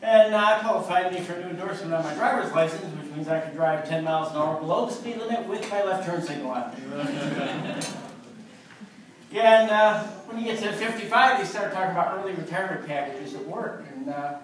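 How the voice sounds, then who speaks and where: Man, 50s, stand-up comic, high voice, distant and echoey club sound. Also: brisk, crowd noise. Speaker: stand-up comedian. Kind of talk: stand-up comedy set. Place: comedy club stage.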